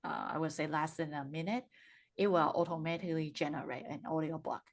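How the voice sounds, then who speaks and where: A woman's voice: low voice, fairly even intonation, brisk. A woman hosting an interview over a video call, talking casually and hesitantly as she searches for words. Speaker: podcast host.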